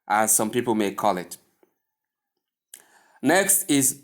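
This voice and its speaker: A man with a Nigerian English accent teaching pronunciation in a formal, deliberate way, repeating words to contrast right and wrong forms. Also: medium pitch, animated. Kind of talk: slow deliberate pronunciation lesson.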